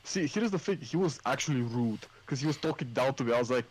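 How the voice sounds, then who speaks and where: A man co-hosts a casual podcast chat with a husky, slightly rough voice. His pitch sits in the middle for a man, and he trades blunt, profane banter. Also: lively intonation, fast, low-quality recording. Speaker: podcast co-host.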